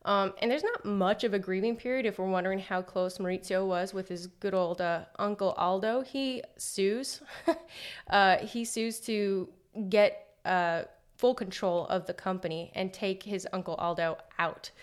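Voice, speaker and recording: A woman with a mid-range voice tells a story in casual podcast chat. She jokes and teases often, and her delivery stays animated throughout. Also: medium pitch, unhurried, clean tone. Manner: playful, jokey, animated. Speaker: podcast co-host.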